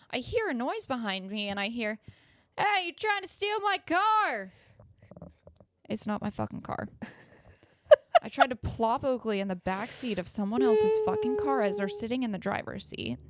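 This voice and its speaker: A young woman co-hosting a podcast, telling animated stories in casual chat, acting out quotes and swearing freely. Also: on the high side, a little fast, no echo, clean studio sound. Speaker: podcast co-host.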